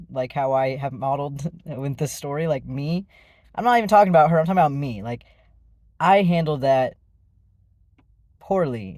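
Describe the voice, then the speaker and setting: A man's voice: a little high, a little mellow, no room sound, clean studio sound. A man telling a personal story in a casual, rambling way, with many fillers and restarts. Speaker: vlogger.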